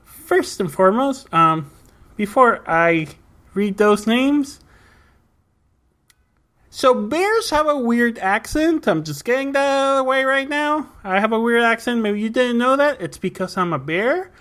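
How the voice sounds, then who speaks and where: A woman's voice: a little high, lively intonation, a little slow, a bit bright. Woman putting on a goofy bear-demon girl. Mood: apologetic. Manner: silly, self-mocking, odd put-on accent. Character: playful female bear shadow demon.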